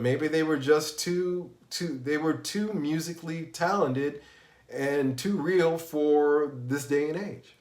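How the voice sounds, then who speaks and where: A man's voice: on the high side, unhurried, darkish tone, reverberant. A man hosting a casual live stream about music, rambling with many restarts, sounding unwell and tired. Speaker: livestream host.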